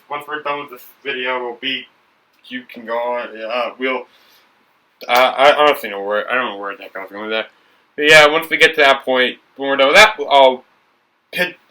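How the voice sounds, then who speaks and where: A man's voice: a little high, pushed and bright, distant mic, rough recording. A young man hosting a building video, chatting casually and rambling with frequent restarts and self-corrections. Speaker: brick builder and video host. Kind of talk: casual talk while building.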